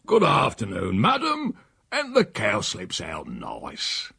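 A man voicing an old, rough, easygoing gravedigger who talks back slyly and coaxingly while reading a story aloud. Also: lowish voice, wildly swooping pitch, takes it slowly, pushed and bright, no room sound, clean studio sound, exaggerated voice. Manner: sly, unbothered, coaxing.

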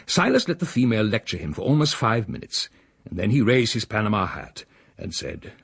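A man reading a story aloud in an expressive, wry manner. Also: brisk, gravelly, slightly rough, dry recording. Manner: expressive, sweeping pitch, wry. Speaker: narrator. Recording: dry close recording.

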